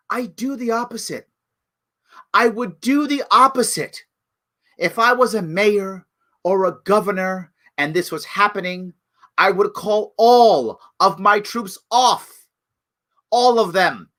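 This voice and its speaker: A middle-aged man giving impassioned solo commentary as a talk show host, emphatic and preachy, dropping from outrage to low pleading. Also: lively intonation, measured pace. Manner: emphatic and preachy, jumps from loud outrage to low hushed pleas.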